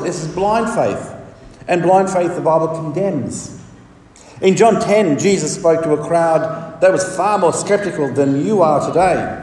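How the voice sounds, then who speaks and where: A man preaching a sermon in an emphatic, measured way, leaning on dramatic pauses. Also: a little high, dark tone. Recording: reverberant hall, distant mic.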